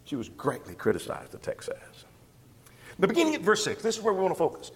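A man preaching an expository sermon, walking through verses with emphatic, animated delivery. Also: sits high, fast talker, in a large hall. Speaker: pastor.

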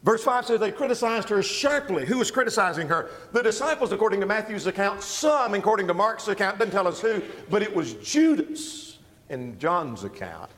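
A man preaching an expository sermon, walking through verses with emphatic, animated delivery. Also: sits high, normal speed, big-room sound. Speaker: pastor.

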